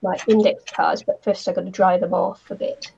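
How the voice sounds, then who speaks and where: A woman from New Zealand talks through her crafting in an easy, unhurried way. Her voice is dark, husky and gravelly, since hay fever is taking her voice. She keeps it casual. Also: on the low side, little pitch movement, highs cut off. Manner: slow, unhurried explaining of each step. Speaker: crafting livestream host. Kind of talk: casual chat while crafting.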